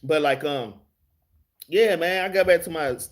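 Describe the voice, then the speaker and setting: A man with a fairly high voice runs a casual Bible study into his phone. He talks streetwise and slangy, drops curses mid-lesson, and keeps calling his listeners y'all and man. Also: a little slow. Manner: slangy, streetwise, swears freely while preaching. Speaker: Bible class teacher.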